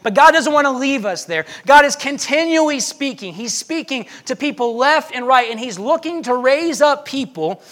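A young man with a notably high voice preaches a sermon in church. He speaks with passion and drives his points home by repeating key phrases. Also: expressive, moderate pace, few pauses, a bit bright. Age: young adult. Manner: impassioned, repeats phrases for emphasis.

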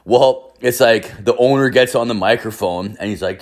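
A young man from Ireland telling a rambling, swear-filled party story in casual chat, acting out quotes with sudden jumps in pitch. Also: normal speed, hardly any pauses. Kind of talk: casual anecdote, heavy swearing.

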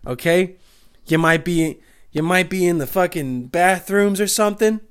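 Brief: young guy, slightly high voice, crude rambling comic monologue. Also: normal speed, fairly bright tone, smooth. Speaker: comedic storyteller. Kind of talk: profane comedic monologue.

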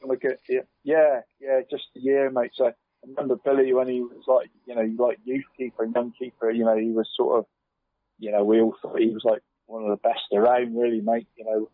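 A man rambling through a relaxed football chat, tacking "mate" onto almost every phrase. His voice comes through a thin, tinny phone line with a dry sound and no room echo. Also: medium pitch, fairly quick. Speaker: podcast co-host. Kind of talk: casual chat.

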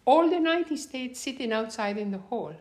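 A woman's voice: high-pitched, normal speed. A woman telling a personal story in an interview, acting out the dialogue and laughing often as she goes. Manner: animated, acts out quoted dialogue.

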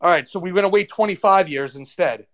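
A man's voice: sits high, fairly quick, fairly bright tone. A man on a sports show, ranting profanely and pressing each point with emphasis. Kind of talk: sports rant.

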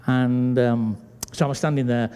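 Long church hall reverb surrounds this sermon, delivered in a sanctuary by a British pastor. He tells his story with animation, acting out each person's dialogue, in an unhurried, clear, resonant mid-range voice.

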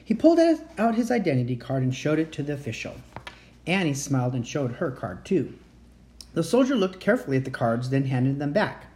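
Expressive, mellow-voiced storybook reader. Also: mid-range voice, brisk. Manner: expressive, with occasional slips. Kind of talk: reading a children's book aloud.

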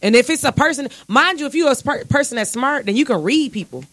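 A woman telling stories in casual, profane chat, animated, with big jumps in pitch. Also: quick pace, no room sound.

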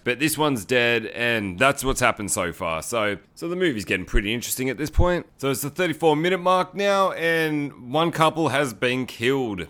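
Guy chatting through a movie recap, clear smooth voice, rambly, swears a bit. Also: mid-range voice, pushed and bright. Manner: rambling, loose, peppered with "like" and mild swearing. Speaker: movie reviewer.

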